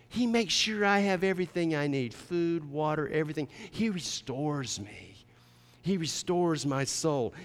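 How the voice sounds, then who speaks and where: A man voicing a confident, devout shepherd psalmist, speaking emphatically and declaring his faith. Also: sits high. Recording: long hall reverb.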